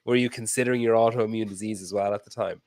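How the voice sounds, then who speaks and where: A man's voice: lowish voice, fairly even intonation, fast talker, a little mellow, dry recording, clean studio sound. An Irish man hosting a podcast, asking rambling, teasing questions in a casual chat. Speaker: podcast host.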